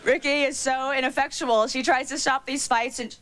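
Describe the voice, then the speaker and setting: A woman's voice: high voice, steady tone, heavy background noise. Gossipy woman stand-up comic. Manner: gossipy, quick asides, lots of fillers. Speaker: stand-up comedian. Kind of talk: stand-up routine.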